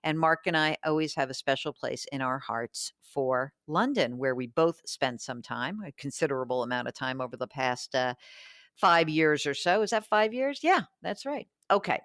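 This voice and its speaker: A woman's voice: low voice, animated, normal speed, fairly bright tone, no echo, clean studio sound. A woman hosting a radio call-in show about money, chatty and thinking aloud as she answers listener questions.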